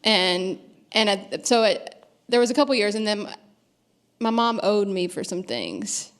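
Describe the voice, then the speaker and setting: A woman's voice: medium pitch, expressive, a little slow. Laughing woman guest telling a story. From US South. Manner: self-deprecating, laughs often, restarts. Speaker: guest author. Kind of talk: storytelling interview on stage.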